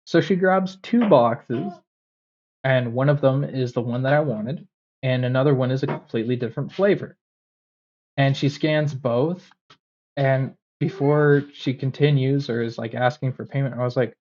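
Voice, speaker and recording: A man's voice: mid-range voice, fairly even intonation, moderate pace, darkish tone. Rambling man telling a story, lo-fi. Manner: rambling anecdote with fillers and restarts. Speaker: podcast co-host. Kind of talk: casual storytelling chat.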